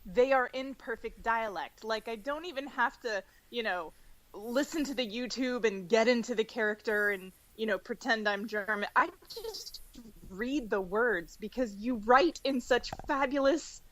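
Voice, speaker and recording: A woman's voice: fairly high pitch, a little slow, fairly bright tone, no echo. A woman who is a stage actress and voice actor, chatting on a podcast in a gushing, effusive and playful way. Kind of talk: casual podcast chat.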